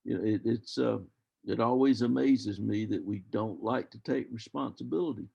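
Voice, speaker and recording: A man's voice: fairly low pitch, normal speed, gravelly, warm tone, husky. An older man speaking as a guest historian on a video call, rambling and thoughtful with many restarts. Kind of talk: discussion over video call. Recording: dull lo-fi video call audio.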